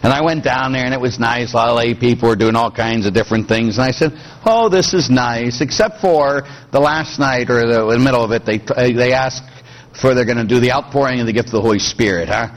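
A man's voice: medium pitch, brisk, rough recording. An older man, a Catholic priest, telling stories in a chatty homily with frequent "huh?" asides and voices he acts out. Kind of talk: storytelling homily.

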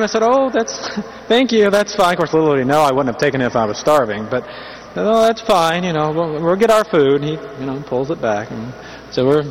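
A man's voice: on the high side, slight background noise. A man giving a conversational sermon, telling a humorous story and asking rhetorical questions. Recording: long hall reverb, faint ambience.

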